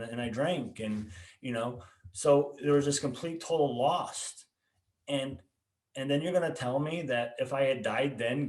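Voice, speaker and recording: A man, a pastor hosting a conversation, tells a personal story earnestly and restarts his words often. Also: mid-range voice. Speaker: pastor and podcast host. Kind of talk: personal testimony in casual conversation. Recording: echoey room.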